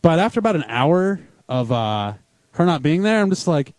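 A man's voice: on the high side, very animated, moderate pace, darkish tone, dry recording. A young man hosting a casual radio chat show, telling rambling, self-deprecating stories.

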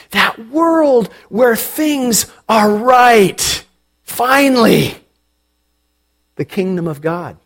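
A man preaching a sermon as pastor, animated and dramatic, with sudden emphatic lines. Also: high voice.

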